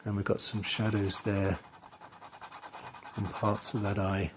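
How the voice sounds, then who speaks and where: A man teaching drawing, talking through his steps as he works and trailing off quietly into asides. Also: on the low side, little pitch movement, takes it slowly, noisy background. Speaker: art teacher. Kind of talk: drawing tutorial voice-over.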